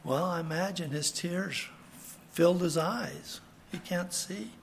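A man's voice: high voice, unhurried, a little hiss or hum. A man preaching a sermon in an earnest way, repeating his key phrases for emphasis. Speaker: pastor.

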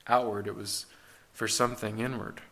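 A man's voice: on the low side, flat delivery, moderate pace, a bit bright. A man preaching a sermon in an earnest, conversational way, with rhetorical questions and frequent restarts.

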